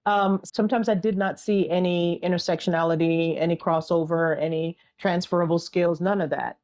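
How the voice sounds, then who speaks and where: A woman's voice: lowish voice, fairly even intonation, moderate pace, darkish tone. A middle-aged woman answering interview questions earnestly as an entrepreneur and single mother, often repeating a refrain and using analogies.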